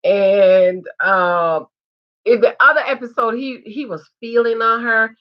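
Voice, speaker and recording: A woman's voice: on the high side, takes it slowly, dull audio. Chatty woman recapping a reality show. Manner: animated, mimics the cast in quotes. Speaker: show reviewer. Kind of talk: casual TV recap.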